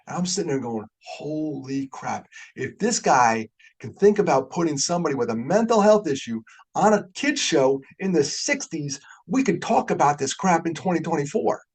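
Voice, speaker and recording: An older man giving an animated storytelling talk as a keynote speaker, getting fired up as he goes. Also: fairly high pitch, normal speed, slightly rough. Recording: webinar audio.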